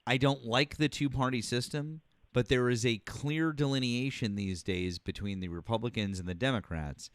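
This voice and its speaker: A man's voice: medium pitch, normal speed, hardly any pauses, dry recording, clean studio sound. A man hosting a political call-in show, cutting in and pressing his point with repeated restarts. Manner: insistent, cuts in, stammers. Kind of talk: call-in debate.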